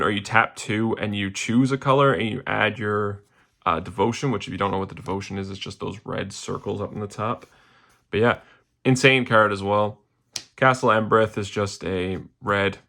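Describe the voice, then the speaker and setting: A man's voice: lowish voice, creaky, bright, forceful tone. A young man casually walking through his card game deck, loose and rambling, with slangy asides and fillers. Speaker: deck tech host.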